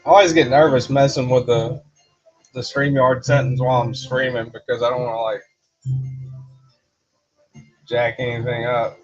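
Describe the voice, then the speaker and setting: A man's voice: mid-range voice, level tone, moderate pace, long pauses. A man hosting a casual livestream, rambling with lots of fillers, laughing often and reading out viewer comments. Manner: rambling, with many fillers like "you know" and "uh"; laughs often between remarks. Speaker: livestream host. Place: garage. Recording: slightly dull livestream audio with faint background music.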